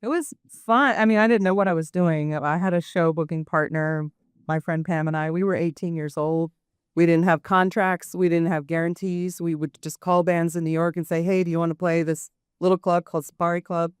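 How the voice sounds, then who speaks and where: A woman in her fifties answers questions on a panel and tells chatty stories about booking shows. Her voice is smooth and a bit low, and she laughs lightly now and then. The recording is dry. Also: fairly even intonation, fairly quick, dry recording. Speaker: panelist, former show booker. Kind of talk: live panel Q&A.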